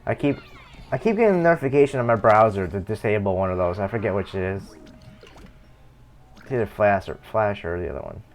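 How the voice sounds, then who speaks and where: A man's voice: fairly low pitch, animated, brisk, pauses often. A young man chatting casually on a live game stream, rambling and correcting himself as he plays. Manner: rambling, self-correcting, chuckling. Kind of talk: casual live-stream chat while gaming.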